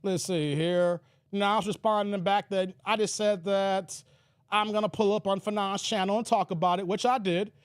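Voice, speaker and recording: A man's voice: high-pitched, steady tone, normal speed, smooth, no echo, studio quality. A man from the United States, hosting his channel and reading emails aloud in a mocking, combative rant. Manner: combative, mocking, repeats filler "here". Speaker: channel host. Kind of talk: reading emails and ranting on camera.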